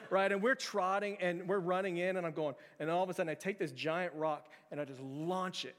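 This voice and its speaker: Middle-aged man, pastor type, lively storyteller with a higher voice, preaching in a church with a long echo. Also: a little fast. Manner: animated storytelling, acts out scenes in raised voice. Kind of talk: sermon. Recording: long church hall reverb.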